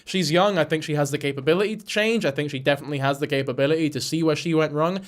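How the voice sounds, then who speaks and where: A man ranting through a casual commentary video in a slightly high voice. His delivery is blunt and exasperated, peppered with swearing. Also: racing. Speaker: commentary creator.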